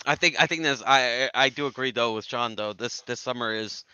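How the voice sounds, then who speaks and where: A man's voice: mid-range voice, fairly quick, sharp tone, smooth, dull audio. A man on a video call talking football as a panelist. He is earnest and often stumbles over his opening words. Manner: earnest, stammers restarts. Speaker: guest panelist. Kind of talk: casual football chat.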